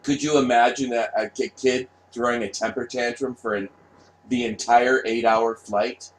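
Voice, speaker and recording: A man's voice: mid-range voice, steady tone, normal speed, slight background noise, low-quality recording. A man ranting bluntly in a solo monologue. He swears freely, repeats himself and keeps asking "right?". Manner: profane, blunt, repetitive, asks "right?" often. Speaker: vlogger.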